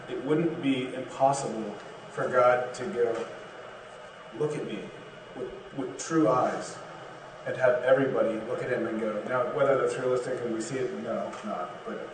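A man's voice: mid-range voice, moderate pace. A man joining a group discussion, speaking casually and hesitantly with many fillers. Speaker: discussion participant. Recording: distant mic in echoey room with noise.

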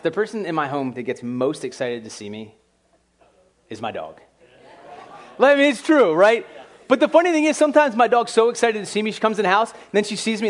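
A man preaching a conversational sermon in a casual, animated way, with asides to the congregation. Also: high-pitched. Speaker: pastor.

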